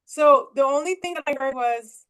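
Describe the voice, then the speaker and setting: A woman's voice: high-pitched, normal speed, a bit bright. A woman hosting a casual video call, asking friendly questions and chatting about her own experiences. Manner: friendly, asks questions, gives chatty asides. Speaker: host.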